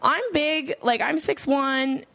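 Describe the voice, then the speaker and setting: Candid young woman, fairly high voice. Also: steady tone, slow, fairly bright tone, a little hiss or hum. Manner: candid, rambling, lots of fillers. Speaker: podcast guest. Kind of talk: casual conversation.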